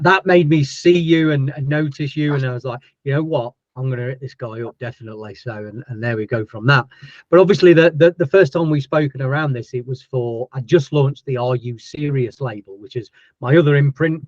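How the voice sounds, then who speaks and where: Chatty Yorkshire host, dry dull sound. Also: male voice, medium pitch, dry recording. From Yorkshire, England. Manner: chatty, enthusiastic, many restarts. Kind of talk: casual interview chat.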